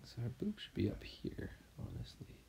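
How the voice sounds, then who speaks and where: A man giving soft-spoken commentary while he draws, half-whispering and musing aloud as he works. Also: moderate pace, background noise. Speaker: artist. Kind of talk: drawing commentary.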